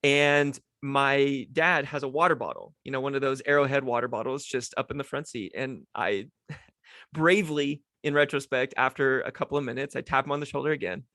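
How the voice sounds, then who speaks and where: His medium-pitched voice is bright and forceful, steady in tone and fairly quick. This young podcast host rambles through a childhood story casually, self-deprecating and restarting often, recorded dry at home.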